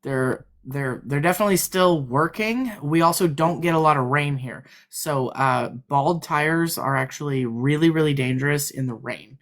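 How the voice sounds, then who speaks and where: A man's voice: a little high, moderate pace, few pauses, a bit bright. Man, co-host on a live stream, easygoing and chatty, giggles now and then, stumbles and restarts. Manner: laughs often, trails off and restarts. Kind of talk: casual live-stream chat.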